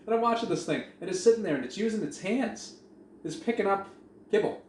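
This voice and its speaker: Profane, animated male podcast host. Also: high voice, normal speed. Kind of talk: casual podcast chat. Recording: echoey room with faint noise.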